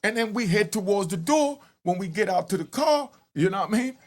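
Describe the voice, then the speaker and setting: A man giving a lively storytelling commentary, acting out calls and yells. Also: high-pitched, brisk, a little hiss or hum. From New York. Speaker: commentary host. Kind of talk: animated street-talk commentary.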